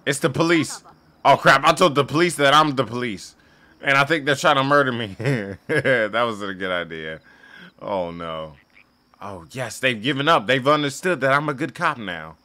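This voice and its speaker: A young man giving sarcastic, jokey commentary while playing a game, often yelling at it. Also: mid-range voice, lively intonation, normal speed. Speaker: gaming YouTuber. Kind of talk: casual gameplay commentary.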